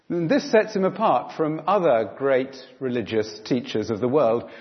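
A man preaching a sermon in church, emphatic and animated, with frequent fillers. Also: fairly high pitch. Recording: dull sound in a reverberant hall.

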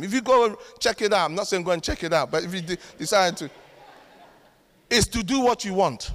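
A man with a high voice delivers a sermon as a pastor. He preaches emphatically, bursting out loudly at times and dropping into dry asides. His voice rings with the long reverb of a large hall. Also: lively intonation, fairly quick.

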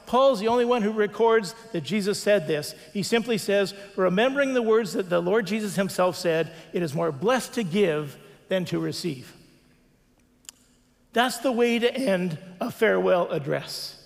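A man's voice: sits high, in a large hall. A man preaching a sermon as a pastor, earnest, with repeated refrains and acted-out quotes.

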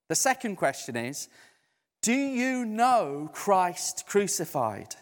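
A man preaching a conversational sermon in a church hall, lively and emphatic. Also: high-pitched, slow pace. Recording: echoey hall.

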